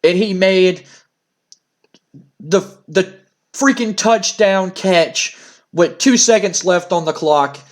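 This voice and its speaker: A man hosting a let's play of a wrestling sim, narrating with excitable, stammering disbelief. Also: high voice, slow pace, long pauses.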